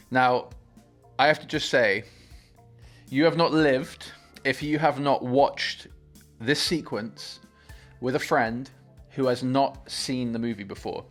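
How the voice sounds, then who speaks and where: Male reactor, mid-pitched, gushing and hyped, faint film music underneath. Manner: excitable, gushing enthusiasm. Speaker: movie reaction host. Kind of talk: excited film reaction commentary.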